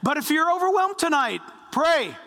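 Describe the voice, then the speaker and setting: A man preaching a sermon as pastor, animated and acting out quoted voices. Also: very high-pitched, normal speed, long reverb tail.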